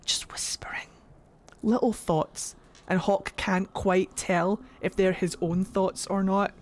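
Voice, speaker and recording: A woman's voice: mid-range voice, fairly even intonation, takes it slowly, a little mellow. A woman streaming a game, chatting in a goofy, rambling way to her viewers. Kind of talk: casual gameplay commentary. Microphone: desk microphone.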